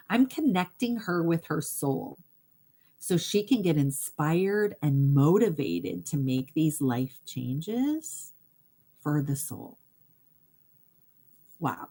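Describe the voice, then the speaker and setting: Low-voiced earnest woman hypnotherapist. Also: darkish tone. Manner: earnest, speaks directly to viewers. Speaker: hypnotherapist and livestream host. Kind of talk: casual live talk.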